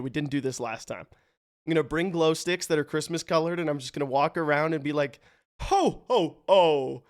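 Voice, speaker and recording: High-pitched guy streaming, chatting casually with chat, animated storytelling, swears a bit. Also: smooth. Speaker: livestreamer.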